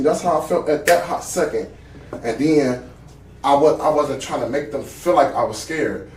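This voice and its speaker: Man, witness statement, police interview, agitated, profane, repetitive, slightly high voice, echoey room. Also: moderate pace, a little mellow, distant mic, slight background noise. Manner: agitated, profane, repeats himself.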